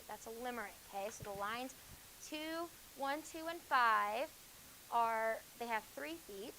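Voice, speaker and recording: A woman with a somewhat high voice teaches a high school class and explains a lesson step by step. She stumbles through fillers and corrects herself as she goes. A faint hiss sits under the recording. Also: a little slow, rough recording. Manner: explains with many fillers and self-corrections, hushes students. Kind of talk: classroom lecture.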